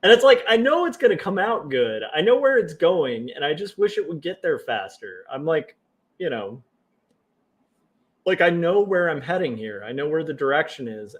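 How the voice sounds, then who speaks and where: A man's voice: on the high side, animated, normal speed. A man talking casually to his viewers while he works on comics, wry and self-mocking, with offhand jokes. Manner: wry, self-mocking, drifting into jokey quoted voices. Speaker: livestreaming comic artist.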